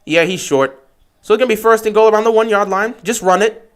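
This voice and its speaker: A young man hosting a livestream, giving excitable play-by-play reactions to football games that swing from shouting to muttering. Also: high-pitched, a little fast. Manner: excitable, shouts at big plays then mutters. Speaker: livestream host. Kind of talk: live football watch-along commentary.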